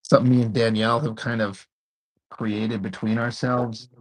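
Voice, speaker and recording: A man in relaxed conversation with a slightly husky, breathy voice at an ordinary pitch. He talks loosely and casually and drops swear words without a second thought. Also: moderate pace, rough recording. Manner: laid-back, swears freely, tells stories with laughs. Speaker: co-host. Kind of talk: casual chat.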